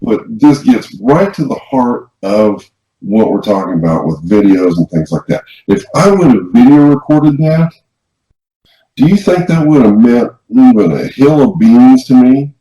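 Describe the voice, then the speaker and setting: A man's voice: mid-range voice, sing-song, a little slow, dark tone. A man co-hosting a podcast, telling a personal story in a rambling, casual way with frequent restarts. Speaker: podcast co-host. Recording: roomy, dull lo-fi sound.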